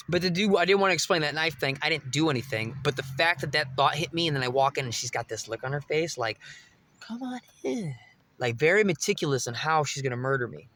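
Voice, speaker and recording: A man's voice: fairly high pitch, fairly bright tone. A young man vlogging, telling a rambling, profane story straight to his viewers. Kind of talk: casual monologue to camera.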